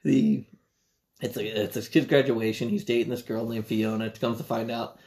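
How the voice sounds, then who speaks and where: Gravelly man telling stories. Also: mid-range voice, level tone, moderate pace, darkish tone. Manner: rambling, profane storytelling with many restarts. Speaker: podcast co-host. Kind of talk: casual chat.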